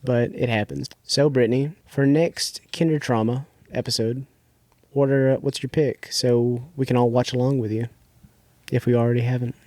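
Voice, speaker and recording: A man co-hosting a podcast in a loose, rambling way, his voice warm and mellow at an everyday pitch. He leans on fillers and slips into quick quoted bits. The sound is close and dry. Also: steady tone, dry recording. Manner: rambling retelling with filler words and acted-out quotes. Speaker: podcast co-host. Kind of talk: casual chat.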